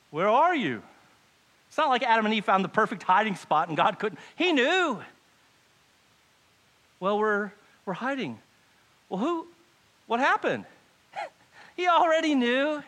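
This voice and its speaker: A male pastor with a high-pitched voice preaches a sermon to a church congregation. He drops to hushed lines, then rises to loud pleading.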